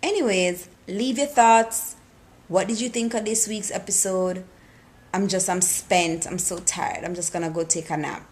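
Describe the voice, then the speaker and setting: A woman talking casually and excitedly into her camera, recapping a TV episode and acting out the characters' lines. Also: medium pitch, moderate pace, slight background noise. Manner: excitable, animated retelling with quoted lines.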